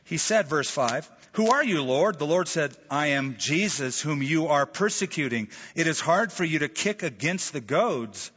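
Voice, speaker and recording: A man's voice: on the high side, animated, normal speed, hardly any pauses, fairly bright tone, breathy edge. A man preaching a sermon from America, telling stories with animation and acting out quoted voices. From United States. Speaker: pastor. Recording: dull, reverberant hall sound.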